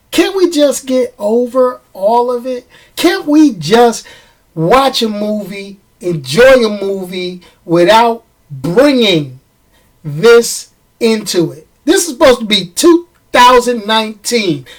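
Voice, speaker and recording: A man with a New York accent giving casual, opinionated movie-review commentary, animated and fond of repeating phrases and asking rhetorical questions. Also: high voice.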